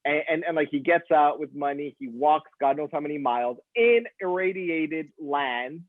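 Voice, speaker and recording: A man's voice: fairly high pitch, normal speed, dry recording. Stammering young man, tinny phone-like sound. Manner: stammering, repeats words as he talks. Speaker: movie review co-host. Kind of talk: casual chat.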